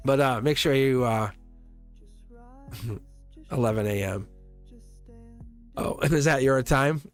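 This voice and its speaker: A man's voice: medium pitch, slow pace, soft background music. A man hosting a live tarot stream in a casual, rambling way, chuckling often and joking with his viewers.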